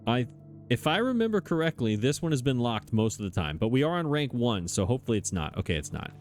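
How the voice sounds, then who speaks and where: A man's voice: medium pitch, very animated, fast, darkish tone, faint music behind. A man commenting on his own gameplay, flustered and exasperated, talking to himself. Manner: frustrated, exasperated, talks to himself. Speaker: let's play gamer.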